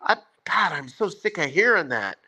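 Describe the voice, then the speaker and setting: A man hosting a casual sports chat, talking in an emphatic, excitable way. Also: on the high side, normal speed. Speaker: sports podcast host.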